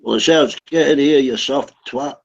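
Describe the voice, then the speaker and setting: A man's voice: mid-range voice, unhurried, gravelly, lo-fi sound. A man chatting bluntly in an online voice room, swearing and leaning on fillers. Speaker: chat room regular. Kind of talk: casual online group chat.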